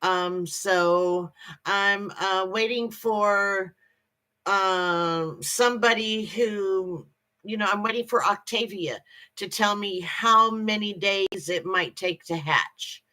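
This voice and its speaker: Slow-talking bright woman greeting stream viewers. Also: medium pitch. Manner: chatty, halting, with many ums and restarts; greets viewers cheerfully by name. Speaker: livestream host. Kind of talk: casual livestream chat greeting viewers.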